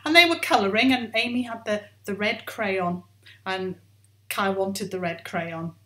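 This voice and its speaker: Bright, gentle woman telling a Bible story. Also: medium pitch, normal speed, echoey room. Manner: gentle, coaxing, asks children questions. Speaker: Sunday school teacher.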